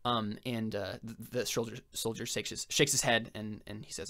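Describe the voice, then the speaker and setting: Halting young man narrating a tabletop game. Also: fairly low pitch, level tone, a bit bright. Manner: halting, filler-heavy storytelling. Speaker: game master.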